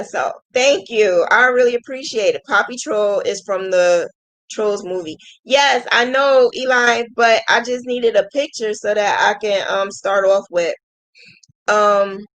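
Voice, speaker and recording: Slow-talking woman livestream host. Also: medium pitch, low-quality recording. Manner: emotional, thanking viewers, quick to laugh. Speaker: crochet channel host. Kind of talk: casual livestream chat.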